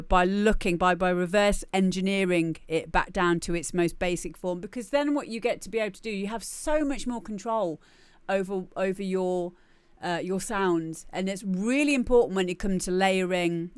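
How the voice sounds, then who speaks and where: A woman's voice: on the low side, smooth, dry recording, clean studio sound. A woman talking casually on a live stream, chatty and repeating herself as she gives feedback on music. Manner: chatty, restarts and repeats words often.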